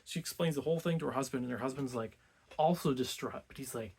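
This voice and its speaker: A man's voice: medium pitch, fast, a little mellow, husky. A man hosting a book club video, casually retelling a classic story in laid-back speech full of "like".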